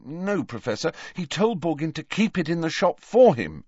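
A man's voice: fairly high pitch, big pitch swings, moderate pace, a little mellow, breathy edge, no echo, pitched above the performer's own voice. A man voicing an urgent, earnest teenage boy in a storybook reading, on a dull, dry recording. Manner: urgent, angry.

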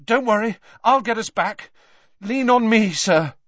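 A man's voice: high voice, animated, unhurried, a bit bright, no room sound, muffled recording, voice pushed up, heavily acted. A man voicing an anxious, protective teenage boy wizard who pants and urges in a raised, urgent voice. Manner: panting, urgent, reassuring.

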